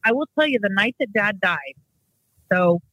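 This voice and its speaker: A woman's voice: medium pitch, lively intonation, moderate pace, fairly bright tone, no echo, rough recording. A woman telling a family story in casual conversation, rambling and correcting herself as she goes. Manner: rambling, self-correcting, acts out quotes.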